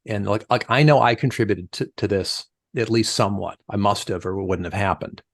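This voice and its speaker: A middle-aged leadership coach, guesting on a conversational podcast interview, talks things through in a lowish, gravelly, fairly quick voice. He's an animated storyteller who acts out the voices of people in his stories, captured in clean studio sound with no echo.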